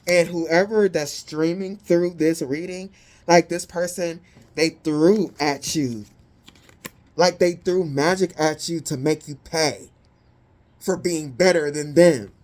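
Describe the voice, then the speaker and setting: A woman giving a casual tarot reading, blunt, profane and sassy, with animated indignant peaks. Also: sits low, takes it slowly. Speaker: tarot reader.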